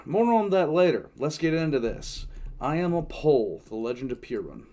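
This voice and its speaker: A man hosting a reaction video, talking in a relaxed, rambling way with fillers. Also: fairly high pitch, moderate pace. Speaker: reaction channel host. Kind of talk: casual chat.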